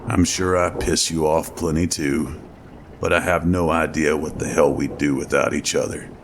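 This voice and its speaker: A man's voice: extremely low pitch, flat delivery, moderate pace, slight background noise. A man voicing a blunt, foul-mouthed soldier who is the narrator's weary best friend, in a spoken horror story. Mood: earnest. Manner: gruff and blunt.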